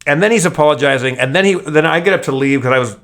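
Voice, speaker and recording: A man's voice: a little high, fast, a bit bright. A man telling a long story in casual podcast chat, rambling with frequent stammered restarts and swearing. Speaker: podcast host.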